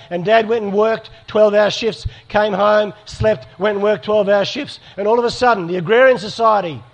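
A middle-aged man giving an earnest talk to an audience, telling stories. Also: high-pitched. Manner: storytelling, earnest, with acted dialogue. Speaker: speaker. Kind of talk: sermon to a live audience.

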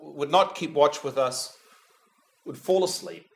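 A man leads a meditative homily, praying aloud as he reflects. His voice sits a little high for a man and stays measured and unhurried, sinking to a near-whisper each time he says the holy name. Now and then a dry touch of humor slips in. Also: gravelly. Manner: addresses Jesus directly, softening to a hush on the name.

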